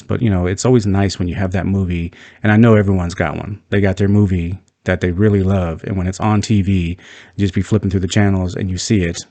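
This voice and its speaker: A man's voice: low voice, a little mellow, no room sound. A man hosting a casual video review, talking loosely with many fillers and restarts. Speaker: video host reviewing a movie trailer.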